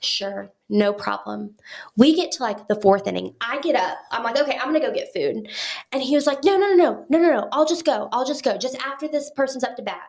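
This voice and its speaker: Woman guest on a podcast, kinda high voice, super chatty, animated storytelling. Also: brisk, vocal fry. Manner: talkative, animated, acts out what others said. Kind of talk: casual storytelling chat.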